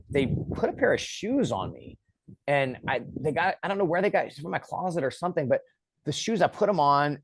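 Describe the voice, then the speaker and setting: A man's voice: medium pitch, a little hiss or hum. A man, a film director as an interview guest, telling a personal story casually and acting out the lines of the people in it. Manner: lively storyteller who acts out quoted lines.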